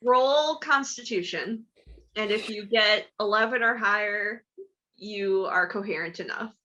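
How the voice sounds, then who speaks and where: A woman running a tabletop game as game master, narrating in a relaxed, amused way with lots of fillers. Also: mid-range voice, measured pace, muffled recording.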